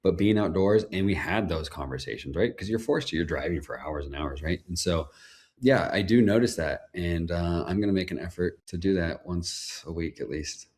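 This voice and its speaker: A man's voice: sits low, moderate pace, a little mellow. A man who is a home builder, speaking as a guest in a casual interview in an easygoing, conversational way. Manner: easygoing, conversational, laughs easily.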